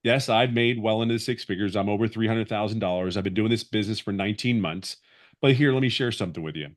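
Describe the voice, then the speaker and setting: Speaking quickly with a fairly low voice, a fifty-something man shares his personal story as a guest on a webinar. His delivery is sincere and wandering, full of false starts.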